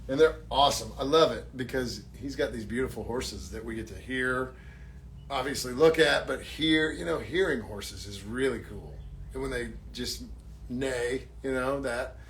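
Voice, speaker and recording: A man's mid-range voice comes through with a little hiss or hum as he, an actor, signs autographs on a live stream. He keeps it casual and jokey, teasing himself and giving fans warm thanks.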